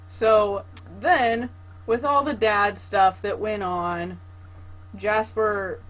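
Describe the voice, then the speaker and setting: A woman in casual chat, retelling a movie's plot in an expressive way with squeaky outbursts. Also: slow.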